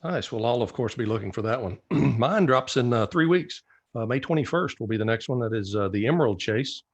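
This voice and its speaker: A man who writes novels, talking as a podcast guest in a measured way with many fillers. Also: mid-range voice, expressive, husky, muffled recording. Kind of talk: casual podcast chat.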